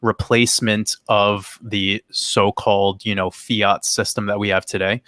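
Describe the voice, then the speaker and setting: Male guest, lowish voice, dry close sound, calm and reflective delivery. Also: no room sound. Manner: measured, reflective, preachy. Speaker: guest crypto creator. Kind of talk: casual livestream chat.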